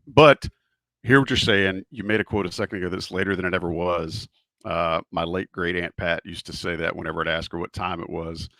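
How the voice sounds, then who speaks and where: A man's voice: low voice, a bit bright, no room sound. A man hosting a podcast in an easygoing way, asking loose open questions. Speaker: podcast host. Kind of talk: casual podcast chat.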